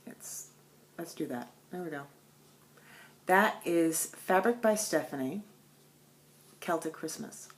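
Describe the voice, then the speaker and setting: A woman vlogging at home about her stitching, telling stories with loud bursts and hushed asides. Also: deep voice, animated, slow, long pauses, a little hiss or hum. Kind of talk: casual chat.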